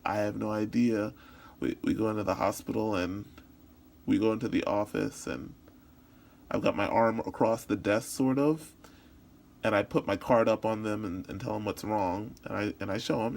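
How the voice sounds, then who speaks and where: Male interpreter voicing a signed first-person story for practice; gravelly fry, halting delivery with restarts. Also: on the low side, darkish tone. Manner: halting, with frequent restarts and repetitions.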